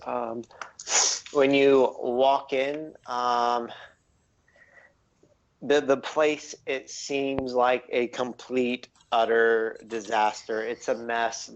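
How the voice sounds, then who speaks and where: A man narrating a tabletop game as game master, halting and full of ums and likes. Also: mid-range voice, lo-fi sound.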